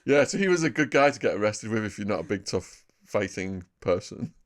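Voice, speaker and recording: A fiftyish Englishman with a northern accent and a rather low voice appears as a podcast guest, telling lively stories in a casual interview. His anecdotes come out loose and fairly quick, and he often laughs at them himself.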